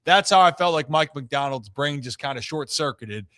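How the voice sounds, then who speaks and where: A man's voice: fairly high pitch, sharp tone, no echo, studio quality. A man hosting a sports talk show, giving emphatic opinions in casual chat. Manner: opinionated, emphatic, drawn-out stresses.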